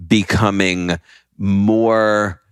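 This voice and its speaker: A man's voice: lowish voice, very slow, clear, resonant tone, no room sound, clean studio sound. A man in his thirties hosting a podcast, chatting and ranting playfully with his wife. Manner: energetic, joking, rant-like. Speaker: podcast host. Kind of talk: casual chat.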